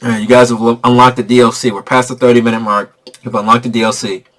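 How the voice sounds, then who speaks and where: A man giving a casual spoiler movie review, excitable and profane, laughing often and a bit tipsy from drinking. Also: mid-range voice, fast. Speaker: film reviewer.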